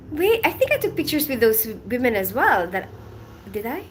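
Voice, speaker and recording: A woman's voice: a little high, very animated, moderate pace. Woman livestreamer, mixed Filipino-British accent, rambly and giggly, faint room hum. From Philippines. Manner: chatty, laughs often, rambling storytelling. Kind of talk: casual live-stream chat. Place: abroad in Colombia.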